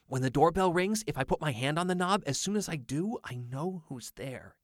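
A man's voice: on the high side, animated, normal speed, no echo, clean studio sound, voice pushed up, lightly acted. A man reading an audiobook, voicing an eager, insistent teenage boy in a raised, breathless voice. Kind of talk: audiobook character voice.

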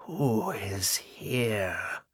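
A man's voice: fairly low pitch, sing-song, slightly rough, no echo, full character voice. A vengeful old female ghost, put on by a man reading a storybook. Her words come hollow and cold, stretched out at a crawling pace. The sound is close and dry. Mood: chilling. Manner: slow, chilling, drawn-out.

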